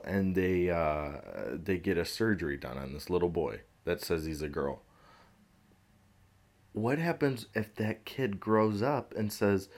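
A man hosting a casual solo podcast, rambling and swearing, low on energy without his coffee. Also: expressive, unhurried. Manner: swearing, rambling, loose and tired. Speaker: podcast host.

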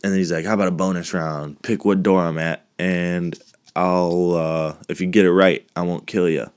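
A man's voice: low voice, flat delivery, normal speed, clear, resonant tone, no echo, clean studio sound. A man hosting a podcast, chatting casually in a rambling, profane way. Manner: rambling, profane, laughing asides. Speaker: podcast host. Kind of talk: casual movie recap podcast.

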